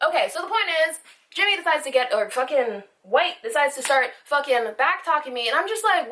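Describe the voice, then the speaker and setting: High bright woman ranting a storytime. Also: lively intonation, brisk, recorded from a distance, slight background noise. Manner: rambling, heated, swears constantly. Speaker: vlogger. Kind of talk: storytime vlog. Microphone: phone camera.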